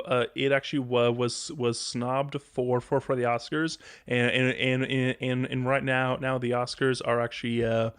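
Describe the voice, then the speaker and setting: A man's voice: medium pitch, no echo. A man hosting a casual podcast chat, stammering and repeating words a lot as he talks. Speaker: podcast host.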